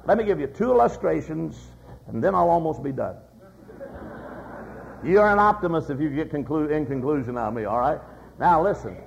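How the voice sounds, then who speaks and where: An older man preaches in a folksy, story-telling way, his voice pitched high with a gravelly edge. The recording is dull and lo-fi. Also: slight background noise. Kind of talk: sermon.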